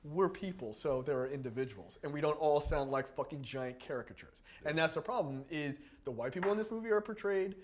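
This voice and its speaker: A man co-hosting a film review podcast in casual chat, animated, swearing and laughing often. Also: on the high side, fairly quick, hardly any pauses. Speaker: podcast co-host reviewing films.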